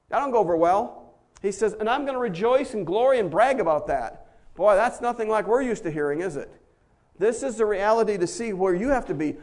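A pastor preaching a sermon, animated and conversational, often acting out quotes in excited voices. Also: male voice, sits high.

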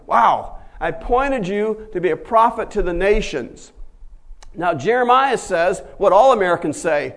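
Guy preaching a sermon, pretty high voice, gets loud then drops way down, acts out the people he quotes. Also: animated, a little slow. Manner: emphatic, rising to loud peaks then dropping low. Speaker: pastor.

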